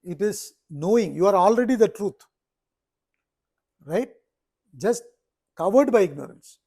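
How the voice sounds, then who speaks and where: Man, gravelly. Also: high voice, expressive, a little slow, mellow. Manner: storytelling, checks in with listeners often. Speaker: spiritual teacher. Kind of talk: explaining scripture in a talk.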